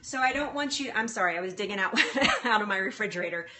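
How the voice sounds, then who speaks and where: On a live stream from her home kitchen, filmed on a phone against a noisy background, a woman health coach chats with viewers in a mid-range voice. She talks fast and animatedly, laughs often and is easily moved as she responds to their questions.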